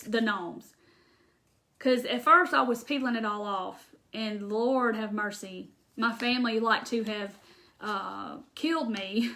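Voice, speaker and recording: A woman chatting casually on a live craft stream, reading out viewer comments and rambling warmly with ums and laughs. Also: on the high side.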